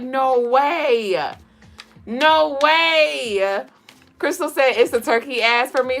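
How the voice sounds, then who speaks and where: A woman's voice: medium pitch, bright, forceful tone. A woman hosting a casual livestream of daily spiritual and tarot readings. She is chatty and profane, laughs often, and reads chat comments aloud.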